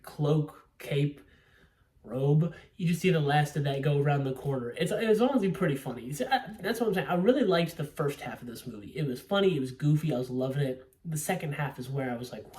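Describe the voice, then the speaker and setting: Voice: medium pitch, a little mellow, recorded from a distance. A young adult movie reviewer chatting casually, rambling, swearing freely and laughing often. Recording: roomy sound, away from the mic.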